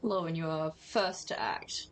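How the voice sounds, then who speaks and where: A woman narrating as game master in a tabletop role-playing stream, in a relaxed, chatty way, laughing often. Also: low voice, unhurried, poor audio.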